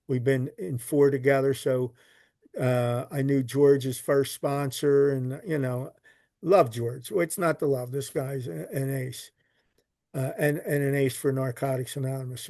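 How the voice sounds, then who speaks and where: A man's voice: medium pitch, dark tone, no echo, clean studio sound. A man, a podcast guest telling a long story in a rambling way, repeating words and swearing casually. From Philadelphia. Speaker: podcast guest, recovery literature collector.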